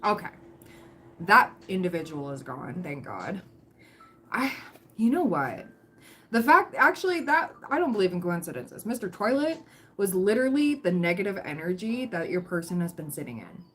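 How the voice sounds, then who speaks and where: A woman's voice: lowish voice, very animated, normal speed, a bit bright, a little hiss or hum. A woman giving a chatty, reassuring tarot reading on a livestream, full of fillers and restarts, her throat dry and catching. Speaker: tarot reader.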